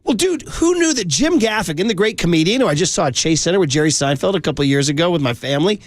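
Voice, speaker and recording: A man's voice: on the high side, animated, quick pace, no echo. A man hosting a sports radio show, rambling and chatty in casual conversation. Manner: rambling, chatty, laughs often.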